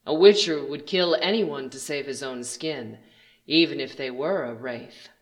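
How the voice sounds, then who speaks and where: A storyteller voicing a scheming mage who speaks quietly and coldly, with open condescension. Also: medium pitch, unhurried, lightly acted.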